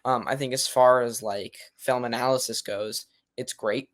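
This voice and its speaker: A young man on a casual film podcast, mid-pitched and even. He hedges his opinions, piling on ums and qualifiers before he commits to a point. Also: normal speed. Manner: hedging, lots of ums and qualifiers. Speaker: podcast co-host.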